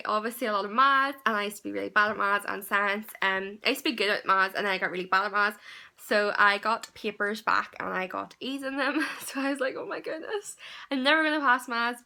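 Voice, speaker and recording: A woman's voice: medium pitch, gravelly, sharp tone. A young woman with a Northern Irish accent, chatting through a casual Q&A vlog, rambling and laughing between lots of ums. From Northern Ireland. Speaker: vlogger.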